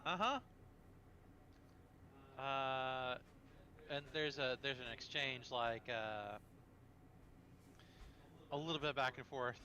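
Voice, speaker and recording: A man acting as game master narrates a tabletop game haltingly, with many fillers, in a medium-pitched, sharp-toned voice.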